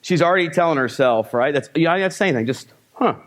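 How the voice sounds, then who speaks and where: A man's voice: fairly high pitch, expressive, very fast. Punchy man coaching a seminar crowd. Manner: coaching with rhetorical questions, punchy commands. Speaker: sales trainer. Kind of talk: live seminar teaching.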